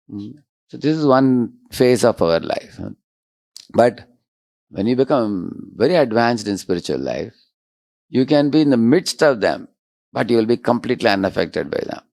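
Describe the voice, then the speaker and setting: A man giving a devotional lecture, often checking in with his audience with quick rhetorical questions. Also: lowish voice, creaky, a little mellow, no room sound, clean studio sound. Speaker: spiritual lecturer.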